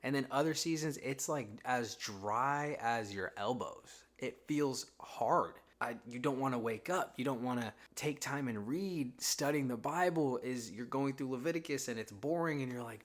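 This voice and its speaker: A man's voice: mid-range voice, moderate pace, hardly any pauses. Casual young man preaching conversationally. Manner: casual, conversational, acts out quoted thoughts. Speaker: Christian content creator. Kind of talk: faith-talk monologue.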